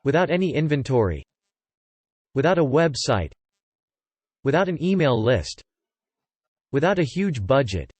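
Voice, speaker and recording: A man giving scripted tutorial narration, reading plain instructions in short even sentences. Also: medium pitch, a little slow, pauses often, breathy edge, dry recording. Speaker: online marketing tutor.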